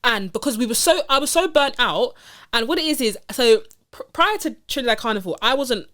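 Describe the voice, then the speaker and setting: A woman's voice: on the high side, animated, a little fast, fairly bright tone. Young woman chatting on a podcast, rambly storyteller, lots of asides. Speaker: podcast co-host. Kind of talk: casual chat.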